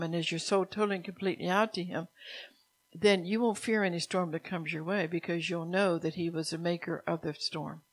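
Woman preaching a sermon on faith. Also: lowish voice. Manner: preaching with scripture readings, voicing God's words softly.

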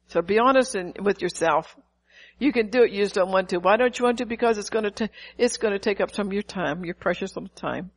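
An older woman pastor preaching a sermon, lively, asking the congregation questions and acting out quotes. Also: mid-range voice, fast talker, rough recording.

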